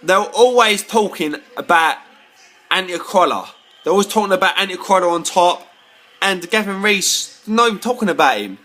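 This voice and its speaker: A man's voice: high voice, animated, moderate pace, sharp tone. A tipsy man, rambling to camera in a casual rant, stumbling over repeated words and swearing when riled. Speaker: vlogger.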